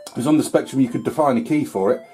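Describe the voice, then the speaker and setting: A man talks through an old computer game in a loose, rambling way, full of ums and the odd curse. His voice is mellow and relaxed, at a middling pitch. Faint game music plays behind him. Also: racing. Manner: rambling, filler-heavy, mild swearing. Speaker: retro gaming YouTuber. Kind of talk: casual gameplay commentary.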